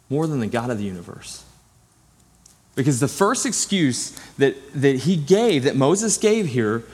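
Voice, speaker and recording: A young man preaching a sermon, telling a story in an animated, earnest way, with prayer and scripture. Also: on the high side, slightly rough. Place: church sanctuary. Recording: long hall reverb.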